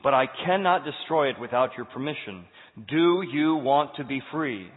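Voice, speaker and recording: A man playing a loud, commanding angel. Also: mid-range voice, expressive, normal speed, close to an everyday voice. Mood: urgent. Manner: loud, firm and earnest. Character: mighty commanding male angel. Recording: phone-like echoey hall.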